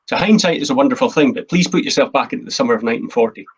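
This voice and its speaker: A man's voice: mid-range voice, very fast, breathy edge, poor audio. A man, the host and a historian, giving an earnest, emphatic history talk from his notes. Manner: earnest, emphatic, quotes speeches in a plain voice.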